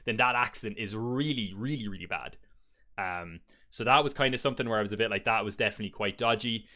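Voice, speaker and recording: A man's voice: on the low side, bright, forceful tone. A man giving a casual, blunt game review, chatty and peppered with fillers and swearing.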